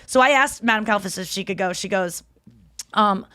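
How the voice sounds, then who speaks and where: A woman's voice: mid-range voice, a little fast, bright, forceful tone, dry recording, clean studio sound. A woman in her thirties hosting a podcast, telling rambling stories in casual chat and swearing freely. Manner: chatty, rambling storyteller who swears freely. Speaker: podcast host.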